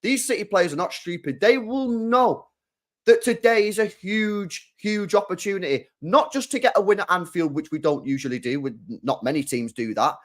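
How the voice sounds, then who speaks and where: A man's voice: sits high, moderate pace, a bit bright. A young man hosting a live football watchalong, making his points emphatically and repeating them. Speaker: host.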